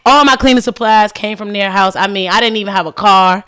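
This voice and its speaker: Animated woman telling stories casually. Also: medium pitch, fairly quick, clear, resonant tone. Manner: animated, acts out quoted dialogue, frequent "like". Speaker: podcast guest, cleaning business owner. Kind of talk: casual storytelling chat.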